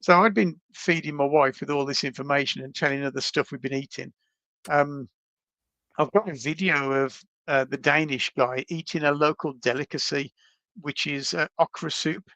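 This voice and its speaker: A man, a podcast guest, telling travel stories in a casual, animated, self-deprecating way over a video call. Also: a little high, normal speed, no echo. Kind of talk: casual storytelling.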